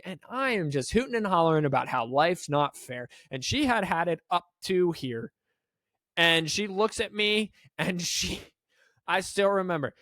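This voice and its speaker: A man's voice: a little high, a bit bright, dry recording, studio quality. A man hosting a sports podcast, giving emphatic, rambling opinions with frequent restarts. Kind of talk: opinionated solo sports talk.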